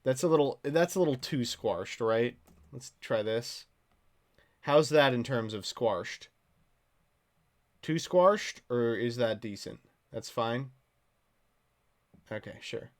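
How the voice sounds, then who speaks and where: A man streaming from home, telling a story in casual chat, animated and swearing freely. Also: medium pitch, takes it slowly, pauses often.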